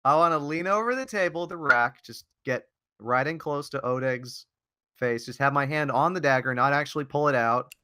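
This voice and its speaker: A man playing a tabletop game, asking the game master eager, animated questions. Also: medium pitch, moderate pace, background noise. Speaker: player. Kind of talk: tabletop role-play.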